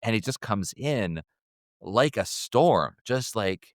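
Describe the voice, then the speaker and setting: A man co-hosting a podcast, chatting casually and excitably about a film, with laughs and trailing restarts. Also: lowish voice, slow pace, no echo, clean studio sound. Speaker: podcast co-host.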